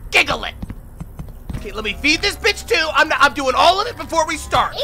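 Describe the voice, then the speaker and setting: A man doing excitable, profane let's play commentary on a horror game, yelling at the game and talking to viewers as "y'all". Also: very high-pitched, a little fast, creaky. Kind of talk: casual gameplay commentary. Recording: game music loud behind the voice. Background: horror game music.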